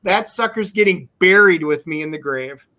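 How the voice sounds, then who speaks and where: A man on a talk show as a guest, telling animated stories over a video call. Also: sits high, moderate pace. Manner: animated storytelling. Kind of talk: casual chat.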